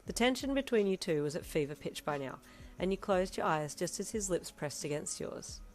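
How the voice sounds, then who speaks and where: A woman narrating a fan story in a steady storytelling read. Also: fairly low pitch, normal speed, soft background music. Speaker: fanfiction reader.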